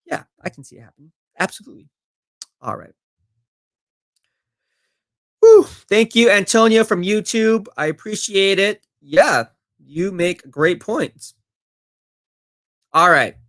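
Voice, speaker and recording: Bright-voiced confident sports streamer man. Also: high voice, big pitch swings, takes it slowly, pauses often. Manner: confident, chatty, addresses viewers as bro. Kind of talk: live stream chat reading.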